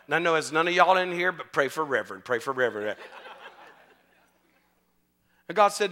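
A man preaching a storytelling sermon as pastor, animated and joking, acting out quotes. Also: high voice, fairly quick.

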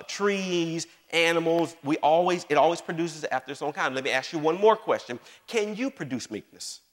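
A man preaching in a lively way, asking his listeners again and again whether they follow him. His voice sits a little high for a man. A long reverb fills the hall around him. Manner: animated preaching with call-and-response questions and repeated phrases. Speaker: pastor. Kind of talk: sermon.

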